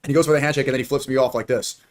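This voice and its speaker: Man, stream host, rapid speech, mid pitch, animated storytelling, casual chat. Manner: fast, animated anecdote telling.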